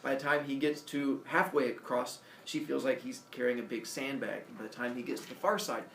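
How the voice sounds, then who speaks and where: A man's voice: mid-range voice, fairly even intonation, a little fast, fairly bright tone, a little hiss or hum. A male teacher retelling a myth to his class in a playful, jokey way, acting out the characters. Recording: echoey classroom from far off.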